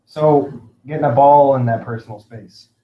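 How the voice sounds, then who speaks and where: A man's voice: mid-range voice, steady tone, moderate pace, highs cut off. A man co-hosting a casual podcast chat, dropping wry jokey remarks. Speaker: podcast co-host. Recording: echoey room.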